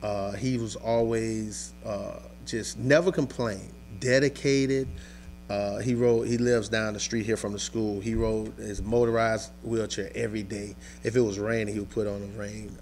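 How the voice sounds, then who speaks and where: A man, a high school football coach, recalling a lost team member in a halting interview with many pauses and fillers. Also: flat delivery, darkish tone, a little hiss or hum. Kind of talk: emotional interview recollection.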